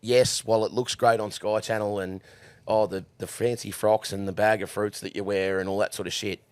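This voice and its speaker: A man's voice: on the low side, level tone, brisk, smooth, no echo. A young Australian man, a horse trainer, telling crude stories with lots of swearing and laughter in a casual podcast chat.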